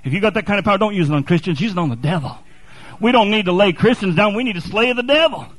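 High-voiced male preacher, dry close mic, impassioned sermon delivery. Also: lively intonation, fast, fairly bright tone, dry recording, low-quality recording. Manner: impassioned, building to fervent repetition.

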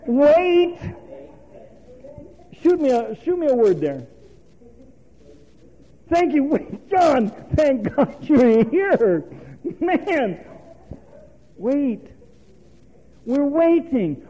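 Guy preaching a sermon, real high voice but soft and dark, folksy, keeps asking the congregation stuff. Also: low-quality recording. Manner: folksy and conversational, quizzes the congregation; chuckles often while preaching.

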